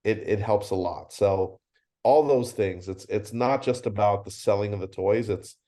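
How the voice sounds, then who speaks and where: A man's voice: fairly low pitch, normal speed. A middle-aged man, a convention founder, telling stories in a casual interview and acting out the dialogue in them. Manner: animated storyteller acting out dialogue.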